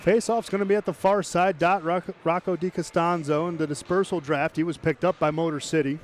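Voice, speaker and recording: A man calling live hockey play-by-play, brisk and chatty, tossing in joking asides. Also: fairly high pitch, steady tone, a little hiss or hum. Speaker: play-by-play commentator.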